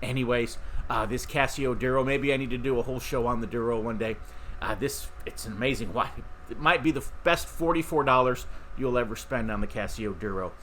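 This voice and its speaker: Middle-aged man, podcast host, bright tone, chatty and rambling, faint background noise. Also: medium pitch, a little fast. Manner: rambling, chatty, with fillers and restarts. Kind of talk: casual talk to camera.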